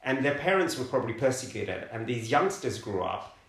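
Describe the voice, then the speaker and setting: A middle-aged man from London telling his life story in an interview, halting and repeating words as he searches for them. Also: medium pitch, big pitch swings, fairly bright tone. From London, England. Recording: roomy echoey room.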